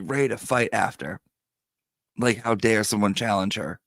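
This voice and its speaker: A man hosting a casual livestream, reading viewer comments and telling stories in an animated way. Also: on the low side, moderate pace, dry recording. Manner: animated storyteller, reads viewer comments aloud. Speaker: live stream host.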